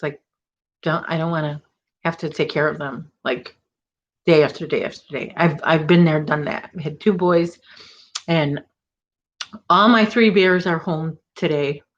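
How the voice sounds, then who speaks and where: A woman's voice: low voice, highs cut off. A woman hosting a crochet livestream, chatting casually and rambling with viewers, full of "like" and "oh my gosh". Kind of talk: casual chat with live viewers.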